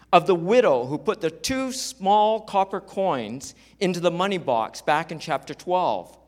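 Male pastor, higher register, conversational sermon with scripture reading and asides. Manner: explanatory, conversational preaching with asides. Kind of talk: sermon, Bible teaching.

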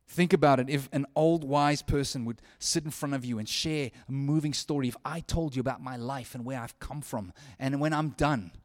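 A man preaching a sermon, earnest and conversational, often restarting his phrases and swinging from hushed lines to loud ones. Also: medium pitch, moderate pace, few pauses.

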